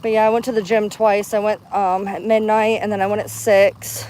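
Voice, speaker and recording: A woman's voice: mid-range voice, level tone, normal speed, a little mellow, slight background noise. Breathless woman chatting on a live walk. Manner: chatty, chirpy with strangers. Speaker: vlogger streaming live. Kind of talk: casual live walk-and-talk. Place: outdoors in a park, walking. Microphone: handheld phone.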